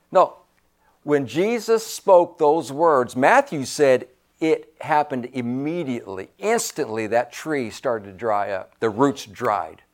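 A man preaching a sermon, emphatic and repetitive, swinging between loud stresses and hushed asides. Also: medium pitch, animated, takes it slowly.

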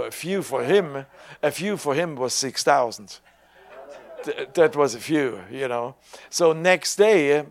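An older male preacher shares a testimony in a loose, conversational sermon style. His voice sits at a medium pitch. He stumbles and restarts a little, then brings the quoted exchanges to life. The sound is close and dry, with no room echo. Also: gravelly. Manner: conversational, with hesitant restarts and animated retold dialogue.

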